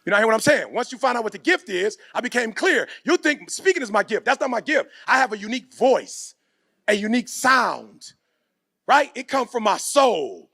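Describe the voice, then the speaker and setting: Gravelly high-voiced man preaching motivation. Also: very animated, moderate pace. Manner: preacher-like, leads call-and-response, builds to shouts; slips into street slang and storytelling. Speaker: motivational speaker. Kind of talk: energetic motivational speech to a live audience.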